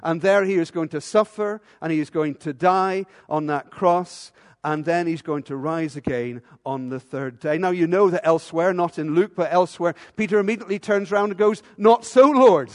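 A man's voice: on the high side, moderate pace, in a large hall. A man preaching a sermon in a church, emphatic and full of rhetorical questions and repeated phrases. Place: church with a stage.

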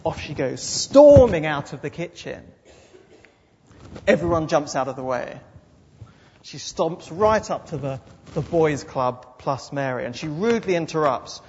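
A man's voice: on the high side, very animated, measured pace, darkish tone, slight background noise. A man preaching a sermon with dramatic storytelling and repeated phrases. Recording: dull lo-fi sound with long hall reverb.

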